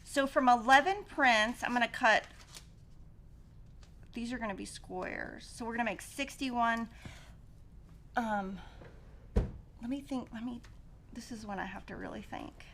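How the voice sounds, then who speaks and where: A woman's voice: fairly high pitch, a little slow, long pauses, fairly bright tone, slight background noise. A middle-aged woman hosting a quilting livestream, chatting and telling stories while she cuts fabric and thinks aloud through the math. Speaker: quilting show host. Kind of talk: casual chat while cutting fabric.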